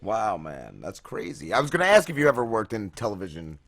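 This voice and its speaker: A man from New Jersey hosting a radio show, giving short relaxed replies and laughing along. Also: lowish voice, fairly quick, no echo. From New Jersey, USA. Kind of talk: casual interview chat.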